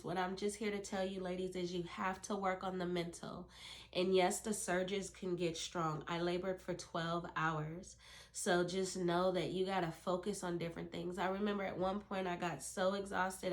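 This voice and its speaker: A woman telling her own birth story to camera, earnest and emphatic, speaking directly to other women. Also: lowish voice.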